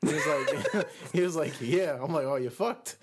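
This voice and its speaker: A man's voice: a little high, moderate pace, heavy background noise. A young man in casual podcast chat, laid-back and wry, swearing casually as he tells a story. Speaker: podcast co-host.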